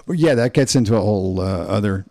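Low, mellow-voiced podcast co-host. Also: male voice, fast talker, dry recording, clean studio sound. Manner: relaxed, steers the topic. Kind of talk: casual podcast chat.

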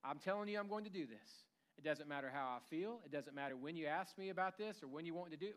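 A man's voice: fairly high pitch, a bit bright. Chatty man preaching with humor. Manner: conversational, humorous, acts out quick everyday dialogue. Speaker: pastor. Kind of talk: sermon. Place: church.

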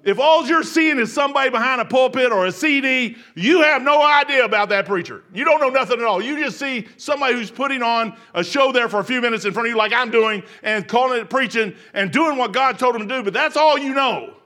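Folksy older preacher, high bright voice. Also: male voice, animated, brisk, hardly any pauses. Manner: folksy, laughing, swings from shouting to hushed. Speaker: pastor. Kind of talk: sermon. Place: church sanctuary.

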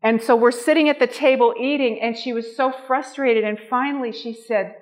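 A woman's voice: a little high, fairly even intonation, moderate pace, hardly any pauses. Gushing woman teaching a cooking class. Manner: enthusiastic, gushing. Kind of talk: live cooking demonstration talk.

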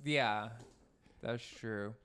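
A man's voice: on the low side, drawn-out words, a bit bright, clear, resonant tone. A man co-hosting a comedy podcast, rambling through a story full of fillers. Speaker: podcast co-host.

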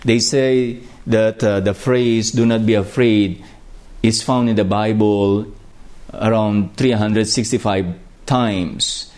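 A man's voice: lowish voice, steady tone, darkish tone. A man with a Filipino accent preaching a sermon, reflective and emphatic on key phrases. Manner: slow, reflective, with rising emphasis on key words.

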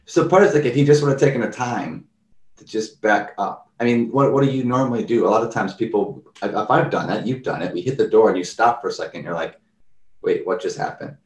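A man's voice: fairly low pitch, quick pace, reverberant, recorded from a distance. A man talking casually about mindfulness, telling everyday stories and acting out people's reactions. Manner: animated storyteller, acts out quoted reactions. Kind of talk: casual conversational talk.

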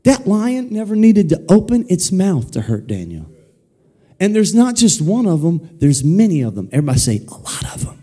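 A man preaching an energetic sermon in a church sanctuary, his voice sitting a little high and swinging widely up and down. He is playful and animated, keeps calling the congregation to say words back to him, and mixes jokes with teaching. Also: moderate pace, breathy edge. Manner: animated, playful, prompting the crowd to repeat words. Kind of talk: energetic sermon with call-and-response.

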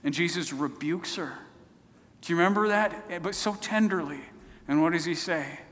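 A man's voice: on the high side, normal speed, a bit bright. A man preaching a sermon, retelling stories in a conversational, storytelling way. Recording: long hall reverb.

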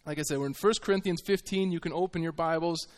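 Earnest missionary man preaching. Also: fairly high pitch. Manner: earnest, conversational, halting. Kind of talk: sermon.

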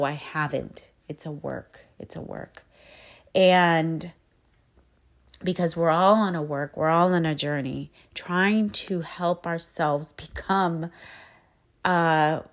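A woman hosting a podcast, talking through her feelings in a candid, reflective monologue, soft-spoken and pausing often to find her words. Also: lowish voice. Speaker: podcast host.

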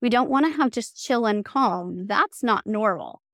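A woman's voice: fairly high pitch, expressive, a little slow, fairly bright tone, no room sound, clean studio sound. A woman in her thirties, a therapist speaking earnestly in a podcast interview, acting out quoted phrases as she explains. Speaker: guest, somatic therapist and mindset coach.

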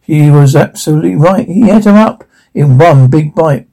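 A man's voice: fairly high pitch, normal speed, creaky, rough recording. A man playfully reading a rhyming fairy tale aloud to children. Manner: playful, expressive. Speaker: storyteller.

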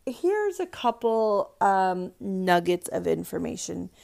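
Stuffy-nosed woman host chatting sarcastically, lots of vocal fry, dry close sound. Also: medium pitch, very animated, slow, darkish tone, no room sound. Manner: sarcastic, rambling asides. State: congested, stuffed up. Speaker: podcast host. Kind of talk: casual TV recap chat.

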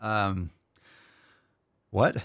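A man's voice: on the low side, extremely slow, no room sound, clean studio sound. A man hosting a casual livestream podcast, reading viewer comments with crude, sarcastic jokes and a lot of swearing. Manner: animated, reads viewer comments aloud. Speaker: podcast host.

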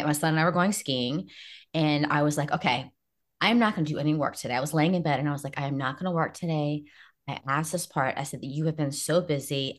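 A woman therapist talking as a podcast guest, animated and acting out her own inner voices. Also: sits low. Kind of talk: casual podcast chat.

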